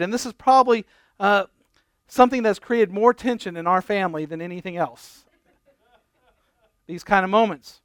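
Brief: middle-aged male pastor, high smooth voice, dry close sound, animated storytelling sermon. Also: no echo. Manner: animated, exasperated storytelling with quoted dialogue.

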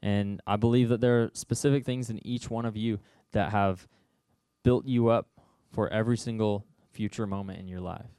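A young man delivering a casual sermon to a youth group. His storytelling is joking and conversational. His voice sits on the low side, and the recording is dry and close. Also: mellow, clean tone, dry recording. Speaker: youth speaker.

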